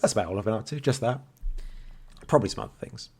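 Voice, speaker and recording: A man's voice: lowish voice, lively intonation, fast talker, a little mellow, breathy edge. A man in his thirties, co-hosting a podcast in casual, rambling chat and swearing freely. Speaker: podcast co-host.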